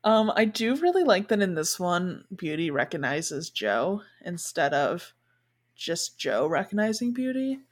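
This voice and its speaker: A woman's voice: lowish voice, very animated, a little slow. A young woman co-hosting a podcast, chatting casually and filling her talk with "like". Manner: chatty, lots of "like" fillers. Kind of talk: casual chat.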